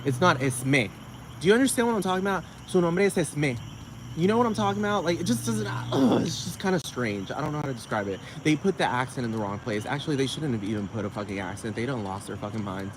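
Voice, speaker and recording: A man ranting casually to camera as a vlogger, rambling and profane, often asking if you know what he's talking about, with his pitch shooting up when he gets riled. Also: lively intonation, fast talker, hardly any pauses, background noise.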